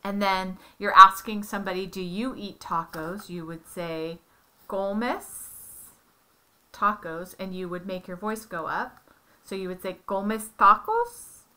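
A woman's voice: on the low side, fairly even intonation, normal speed, sharp tone. A woman tutoring one-on-one, patiently explaining step by step with examples. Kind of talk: one-on-one Spanish lesson.

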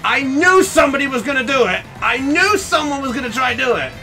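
An excitable man commentates his own gameplay on a live stream, his high, bright voice swooping up and down as he reacts. He laughs often and calls out to his viewers between moments of play. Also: a little fast, soft background music. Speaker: game streamer.

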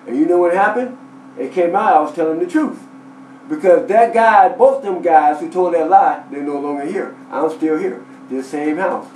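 A man's voice: fairly high pitch, normal speed, darkish tone, a little hiss or hum. A man telling his side of a dispute with his landlord, emphatic, repeating points and quoting what others told him. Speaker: tenant telling his story. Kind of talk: animated personal account. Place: inside a rented house. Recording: echoey room, voice from far off.

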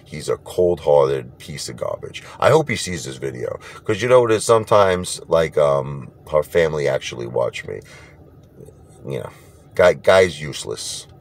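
A man's voice: extremely low pitch, lively intonation, normal speed. A man ranting casually to camera in a blunt, rambling way, often repeating himself. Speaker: vlogger.

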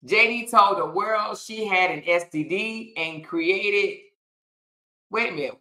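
Brief: woman livestream host, bright voice, laughs a lot, folksy y'all and honey. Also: mid-range voice, slow pace. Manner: laughs often, drawls y'all, child and honey. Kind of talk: casual live-stream chat reading comments.

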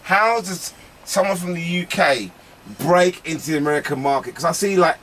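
Radio dj guy, jokey, laughs a lot, kinda high voice, studio hiss. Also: normal speed, fairly bright tone. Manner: jokey, laughing, playful teasing. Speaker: radio DJ host. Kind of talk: casual radio interview.

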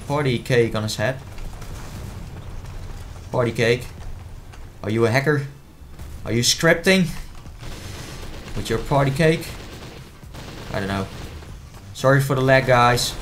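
A man's voice: mid-range voice, animated, a little slow, long pauses, a bit bright, a little hiss or hum. Playful man commentating gameplay. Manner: playful, easily exasperated, stammering repeats. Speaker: gaming commentator.

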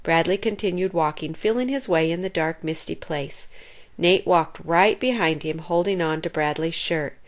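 A woman reads a children's chapter book aloud. She tells the story expressively. Her voice sits a little on the low side. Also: normal speed.

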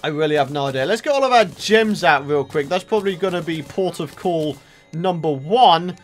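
A young man giving let's play commentary, excitable and exasperated, ranting with sudden outbursts. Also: fairly high pitch, normal speed, soft background music. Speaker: gaming channel host.

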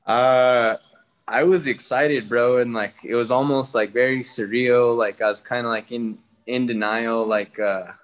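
A young man from New Mexico, a guest fighter talking casually in an interview, relaxed and slangy. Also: medium pitch, a little slow. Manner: relaxed, slangy, retells talks with others in quoted bits.

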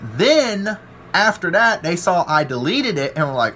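A man's voice: sits high, very animated, a little slow, sharp tone, slight background noise. Fired-up man ranting. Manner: aggrieved, rambling, quotes people in voices. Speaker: welder and channel owner. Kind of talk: ranting to camera.

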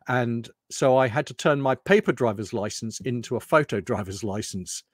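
This presenter, a middle-aged man from the United Kingdom, speaks at medium pitch and normal speed in a meandering, story-filled lunchtime talk with loose restarts. The recording is clean studio sound without echo.

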